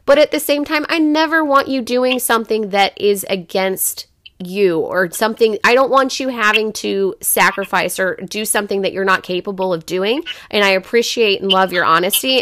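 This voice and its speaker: At normal speed, a mother with a medium-pitched, fairly bright voice tells a personal story on a casual podcast. She's frank and profane, leaning on "like" and "you know," and the studio-quality recording has no echo.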